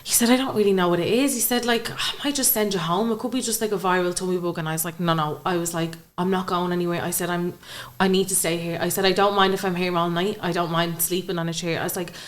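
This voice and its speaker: On a podcast, a young adult woman with an Irish accent tells an emotional story about her own life in conversation, acting out what others said. She speaks quickly with few pauses, her lowish voice keeping fairly even intonation.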